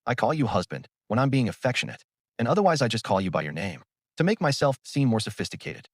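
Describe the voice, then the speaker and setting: A man's voice: mid-range voice, big pitch swings, fast, breathy edge, dry recording, clean studio sound. Teasing young woman, voiced by a man. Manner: sweet and playful.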